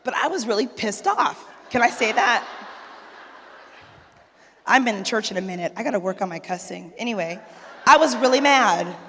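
A woman in her forties, a pastor's wife, telling a funny story to a church audience in an animated way, laughing and acting out the dialogue. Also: a little high, moderate pace, long pauses, long reverb tail, a little hiss or hum. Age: 40s. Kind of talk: humorous storytelling testimony.

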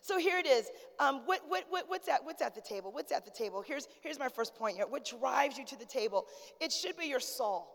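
A woman in her forties preaches from the pulpit in a high, lively voice, trading call-outs with her congregation. Her sermon has a relaxed, storytelling feel. The sound carries the long reverb of a church hall. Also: fairly quick, vocal fry. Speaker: pastor. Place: church sanctuary.

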